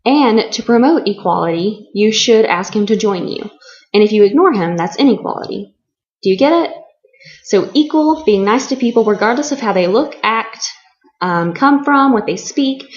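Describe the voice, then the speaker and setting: A young woman teaching an ESL lesson, explaining slowly and clearly and drawing out key words for learners. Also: medium pitch. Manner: slow and deliberate, stretching key words for learners. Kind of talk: slow, clear classroom explanation. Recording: slightly muffled lo-fi recording.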